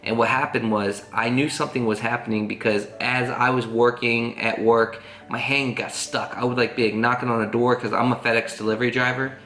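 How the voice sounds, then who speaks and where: A man's voice: mid-range voice, flat delivery, a little fast, hardly any pauses, fairly bright tone. A man telling a long personal story to camera in a casual vlog, rambling and earnest, full of fillers. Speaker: family vlogger. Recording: roomy echo with faint guitar music.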